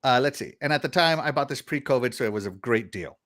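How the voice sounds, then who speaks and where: A man's voice: medium pitch, animated, quick pace, a bit bright. A middle-aged man from Texas hosting a casual gaming podcast, rambling and laughing as he reads out viewer comments. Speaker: podcast host.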